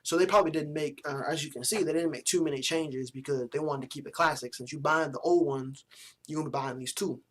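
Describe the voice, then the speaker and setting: A man's voice: on the high side, quick pace. A young man giving casual, profane commentary as a vlogger, blunt and mocking with plenty of slang. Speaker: vlogger reviewing sports jerseys.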